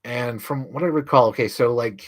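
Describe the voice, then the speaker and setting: A young man ranting casually on a livestream, rambling with lots of "like" and jumping up in pitch when he gets excited. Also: moderate pace. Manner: rambling, heavy use of "like", restarts mid-sentence; animated, voice jumps up when excited.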